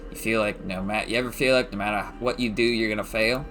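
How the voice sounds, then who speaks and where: A man putting on a gravelly, gloomy drinker. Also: on the low side, steady tone, quick pace, a bit bright, a little hiss or hum, lightly acted. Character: weary gruff young man, heavy drinker, gloomy.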